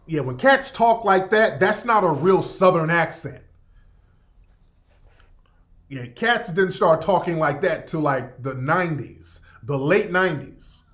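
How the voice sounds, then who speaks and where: High-voiced man hosting an unfiltered livestream. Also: lively intonation, measured pace, a bit bright. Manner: rambling, profane, repetitive, reacting to chat. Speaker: radio show host. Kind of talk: casual livestream commentary.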